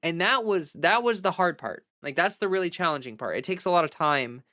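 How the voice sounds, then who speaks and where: A woman's voice: on the low side, animated, brisk, bright, forceful tone, no echo, clean studio sound. A woman livestreamer chatting candidly and giving advice in a casual way.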